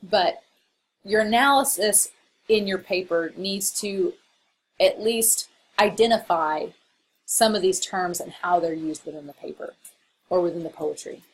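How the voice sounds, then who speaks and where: A woman with a Southern Illinois accent gives a recorded college English lecture in a lowish, somewhat slow voice. She's chatty and playful, laughing often and making asides, with slight background noise present.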